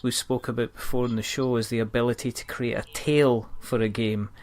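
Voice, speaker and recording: Male podcast host, casual chat, joking and teasing, mid-pitched voice. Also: flat delivery, fairly quick, a little mellow. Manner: jokey, teasing, laughs often.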